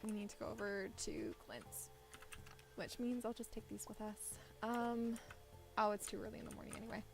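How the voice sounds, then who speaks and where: A woman streaming a farming game, rambling and thinking out loud with little laughs into a low-set desk mic. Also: moderate pace, vocal fry, music in the background. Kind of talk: casual gameplay commentary. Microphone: desk microphone set low.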